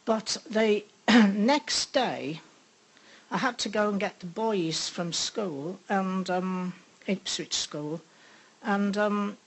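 An older woman giving a personal faith testimony, reflective and pausing often with ums. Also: mid-range voice, husky, low-quality recording. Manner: unhurried, reflective, with frequent pauses and ums. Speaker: speaker sharing a faith testimony.

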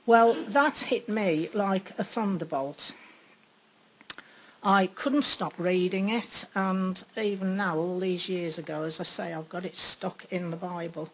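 An older woman giving a personal faith testimony, reflective and pausing often with ums. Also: on the low side, rough recording. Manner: unhurried, reflective, with frequent pauses and ums. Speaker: speaker sharing a faith testimony.

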